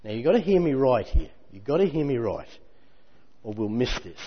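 Preacher in a reverberant hall. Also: male voice, medium pitch, normal speed, a little hiss or hum. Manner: animated, conversational, jokey preaching with acted-out asides. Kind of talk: sermon. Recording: muffled hall recording with long reverb.

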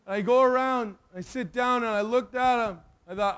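Guy preaching, high voice, gets emotional acting out his story. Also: normal speed, few pauses, clean tone. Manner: emotional, animated storyteller who acts out the dialogue. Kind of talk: sermon storytelling.

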